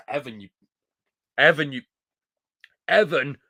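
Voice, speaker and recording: A young British man hosting a casual live stream, reading viewer comments and reacting in a jokey, animated way. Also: on the high side, takes it slowly. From United Kingdom. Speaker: livestream host.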